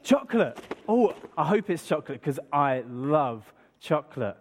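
A man giving a lively children's talk at a church service, acting excited with gasps and questions to the audience. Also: fairly high pitch, normal speed, a little hiss or hum. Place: church hall. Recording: long reverb in a large hall, from a distance.

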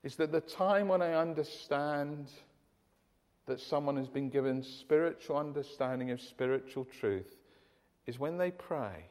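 A man preaching from the pulpit with an earnest, emphatic delivery and a notably high voice. His words ring out with a long reverb, as if spoken in a large church hall. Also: unhurried, darkish tone. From United Kingdom. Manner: earnest, emphatic, with frequent restarts. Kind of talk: sermon.

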